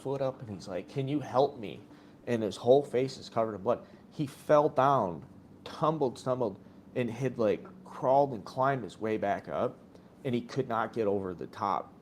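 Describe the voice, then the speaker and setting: A man's voice: medium pitch, normal speed, darkish tone, slight background noise. A man co-hosting a casual sports stream, telling a long rambling story full of swearing and acted-out quotes. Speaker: podcast co-host watching a game.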